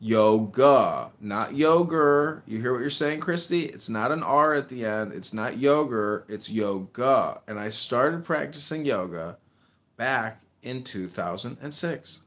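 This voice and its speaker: A man's voice: mid-range voice, lively intonation, moderate pace, sharp tone. A man hosting a live audio chat room, brash and crude, mocking and insulting his guests. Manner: brash, crude and insulting, drawing out words to mock. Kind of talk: casual chat.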